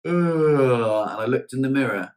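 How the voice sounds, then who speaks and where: Brief: male vlogger with a lowish voice, relaxed and chatty, slangy, self-deprecating. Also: moderate pace. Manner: chatty, slangy storytelling with self-mocking humour. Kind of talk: casual chat to camera.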